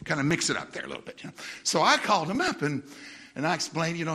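A middle-aged man preaching with a lively, swooping delivery and a slightly husky edge. His voice is bright and pitched a little high, and he laughs through his storytelling. He jumps into high, comic impressions of other people. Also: rapid-fire. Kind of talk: humorous sermon storytelling.

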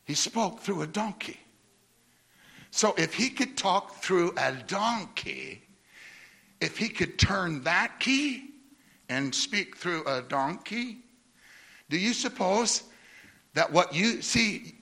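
A male preacher delivering a sermon in a high, very bright voice. His pitch swings widely as he tells his story, and he often stumbles into restarts and repeats words. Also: animated, takes it slowly, long pauses, husky.

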